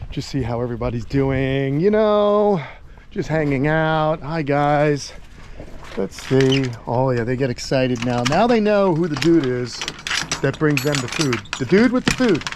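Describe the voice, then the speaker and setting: A man running a reptile sanctuary, chatting casually to viewers while coaxing his animals in a gentle voice, recorded outdoors on a head-mounted camera. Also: medium pitch, expressive, normal speed, a little hiss or hum. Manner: soft coaxing talk to the animals. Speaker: reptile sanctuary keeper and vlogger. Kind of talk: casual vlog chat. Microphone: head-mounted action camera.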